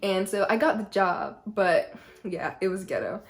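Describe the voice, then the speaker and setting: In an unhurried, expressive voice of medium pitch, a young adult woman vlogger recounts a personal story. Her delivery is casual and chatty, sprinkled with plenty of "like."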